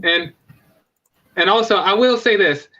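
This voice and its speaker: Bright high-voiced man chatting casually. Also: a little slow, lo-fi sound. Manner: rambling, self-correcting, enthusiastic. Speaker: live stream host. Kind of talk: casual fan chat.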